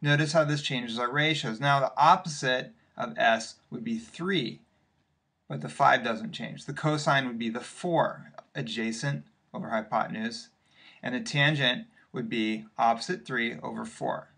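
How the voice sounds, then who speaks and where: A man's voice: medium pitch, measured pace, bright, forceful tone. A male math teacher walking patiently through worked examples in a recorded lesson, step by step with occasional fillers.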